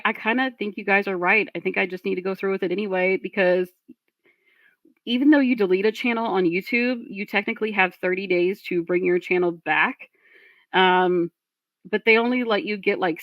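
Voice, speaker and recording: A woman's voice: mid-range voice, no room sound, dull audio. A woman streamer reacting to a video and reading chat, blunt and profane as she rants. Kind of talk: casual reaction commentary.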